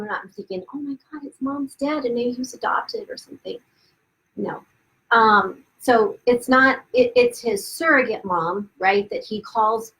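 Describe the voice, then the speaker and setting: A woman's voice: on the high side, fairly bright tone, low-quality recording. A woman hosting a live video stream, telling her own story in a candid, casual way with frequent asides and restarts, laughing at her past. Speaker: host of a live video series. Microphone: webcam or phone, live stream.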